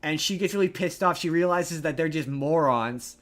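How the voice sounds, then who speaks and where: A man with a fairly high voice recaps a film on a podcast. He rambles, restarts his sentences and lurches from one plot point to the next. His telling is loose, chatty and animated. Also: normal speed. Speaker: podcast co-host. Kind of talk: casual movie recap chat.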